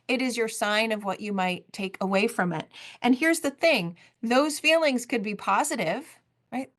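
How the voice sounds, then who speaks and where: A woman's voice: a little high, moderate pace. Earnest heartfelt woman podcast host. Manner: earnest, heartfelt, repeats phrases for emphasis. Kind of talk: solo podcast talk.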